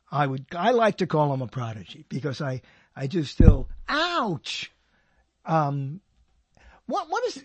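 This is a fairly high-pitched male voice with a breathy edge, recorded dry. He's an older radio host rambling through a solo monologue, cracking jokes to himself and cutting his own sentences short.

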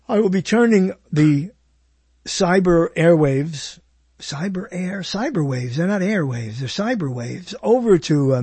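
High-voiced husky man hosting a chat show. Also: a little mellow, no room sound. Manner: rambling, jokey, argumentative. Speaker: talk show host. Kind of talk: casual live internet talk show.

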